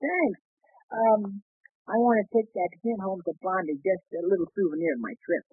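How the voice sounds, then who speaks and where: An actor playing a bumbling, good-natured husband lost in a dream, hesitant and full of uh's, in a 1940s radio sitcom. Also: male voice, sits high, moderate pace, husky. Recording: thin lo-fi 1940 radio broadcast.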